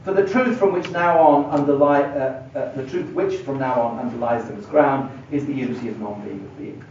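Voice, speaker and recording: Speaking briskly in a mid-range, darkish voice, a middle-aged man gives a university philosophy lecture, thinking aloud and emphasizing key words as he writes on a board. The lecture room's echo and the distant mic produce a dull, lo-fi recording with slight background noise.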